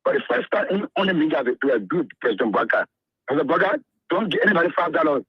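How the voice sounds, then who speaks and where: A man's voice: on the high side, sing-song, very fast, no room sound. A man caller, speaking emphatically with stumbling repeats on a radio call-in. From Liberia. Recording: husky phone line into radio.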